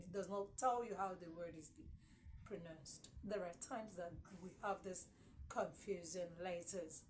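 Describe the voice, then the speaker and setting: A woman teaching English consonant sounds, repeating each word several times and checking in with "okay?". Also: mid-range voice. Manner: repeats words slowly, asks "okay?" often. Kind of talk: classroom-style lesson. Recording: faint background noise.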